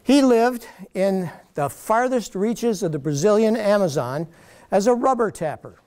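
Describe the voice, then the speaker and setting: A man giving a public lecture, telling stories in an animated way and mocking the critics he quotes. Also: sits high, a little slow. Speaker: guest lecturer. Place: lecture hall.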